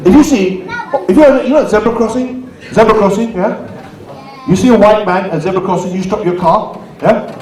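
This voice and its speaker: High-voiced man doing stand-up in echoey hall. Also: darkish tone. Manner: banters with the crowd, quick asides. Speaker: stand-up comedian and compere. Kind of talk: live stand-up comedy. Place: community venue hall. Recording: echoey hall, distant mic, audience.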